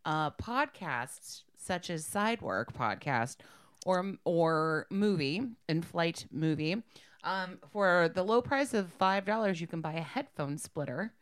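A woman's voice: lowish voice, lively intonation, slow, clear, resonant tone. A woman co-hosting a casual podcast chat, chatty and enthusiastic.

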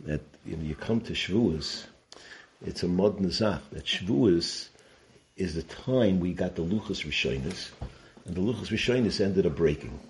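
A man's voice: deep voice, creaky, darkish tone, slight background noise. A man giving a Torah talk, telling stories and sprinkling in Yiddish and Hebrew terms. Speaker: Torah teacher.

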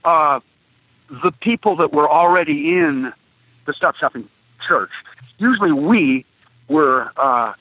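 A man who is an activist street preacher, speaking as a radio interview guest: halting at first, then building into preacher-like emphasis. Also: fairly high pitch, expressive, no room sound. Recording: tinny phone line, dry.

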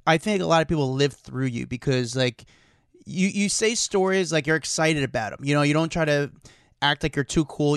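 A man's voice: fairly high pitch, smooth, dry recording. A man co-hosting a podcast, chatting in an easygoing, jokey way. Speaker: podcast co-host. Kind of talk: casual podcast chat. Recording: dry close mic, glitching at times.

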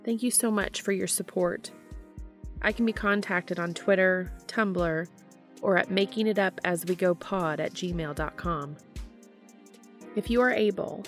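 A woman reading fan fiction aloud as a podcast narrator, with a steady storytelling delivery. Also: fairly low pitch.

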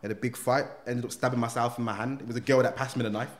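A man, a guest in a podcast interview, telling his life story in street slang with lively quoted dialogue. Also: medium pitch, racing. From England. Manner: street slang, animated retelling with acted quotes. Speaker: guest, reformed gang member.

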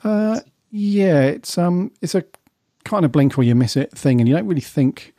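Mellow-voiced British man hosting. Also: on the high side, moderate pace, dry recording, studio quality. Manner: relaxed, leads the discussion. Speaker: podcast host. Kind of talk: casual chat.

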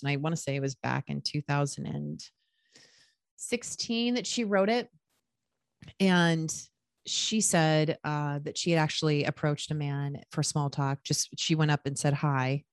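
A woman in her thirties hosting a casual solo podcast, chatty and quick to laugh at herself with lively asides. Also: deep voice, dry recording, clean studio sound. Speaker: podcast host giving dating advice.

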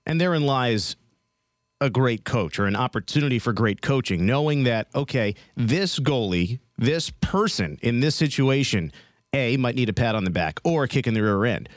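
Measured male hockey analyst, dry sound. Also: mid-range voice, lively intonation, no room sound. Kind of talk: sports panel chat.

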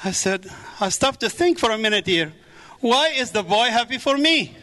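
A man's voice: very high voice, animated, moderate pace, sharp tone. A middle-aged man from the Middle East giving a fervent preached testimony in a church. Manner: fervent, repeats praise.

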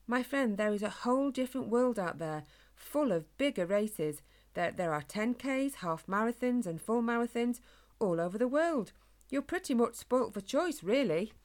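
A woman's voice: on the high side, expressive, moderate pace, pitched above the performer's own voice, natural voice. Woman doing a kindly running mentor. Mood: friendly. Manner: warm, reassuring, mentor-like. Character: kind, encouraging older running friend.

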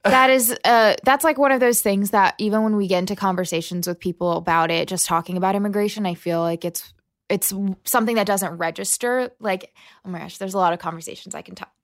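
A woman's voice: medium pitch, fast talker, no echo, clean studio sound. A young American woman as a podcast guest, earnest and thoughtful, laughing easily. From United States. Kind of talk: casual interview chat.

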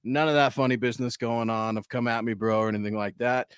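A man's voice: mid-range voice, steady tone, quick pace, clean tone, dry recording, studio quality. A man co-hosting a fan livestream, giving long opinionated takes on his team in a casual, chatty way. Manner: opinionated, talks at length, chatty. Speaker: co-host and sports writer.

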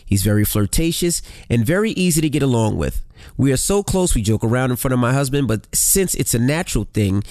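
Brash, lively man co-hosting a podcast. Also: medium pitch, dry recording, studio quality. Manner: brash, swears freely, sheepish apologies. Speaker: podcast co-host. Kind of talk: casual chat, reading a listener email.

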